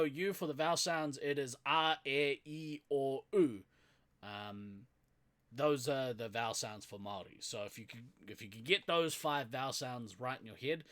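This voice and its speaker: A man with a New Zealand accent co-hosts a podcast in loose, casual chat. He talks at an average pitch, laughs often and fills his pauses with "um". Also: bright, forceful tone. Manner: laughs often, chatty and loose, trails off with fillers. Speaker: podcast co-host.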